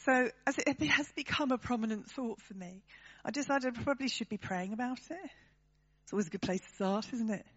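A woman's voice: a little high, fairly quick, a bit bright, dull audio. A woman preaching a sermon to her church, talking conversationally and turning to the congregation with tag questions.

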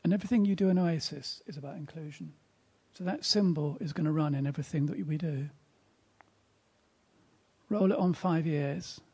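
A man preaching at a church service, telling a story with emphasis and dropping to a hushed tone at quiet moments. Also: on the high side, moderate pace, vocal fry, slightly rough. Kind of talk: sermon with storytelling.

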